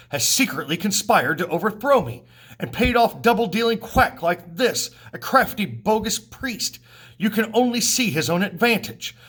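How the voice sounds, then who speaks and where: Brief: male teacher reading an angry, proud king, accusing and sneering, voice a touch high. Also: fairly bright tone, slightly rough, full character voice. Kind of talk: reading a play aloud.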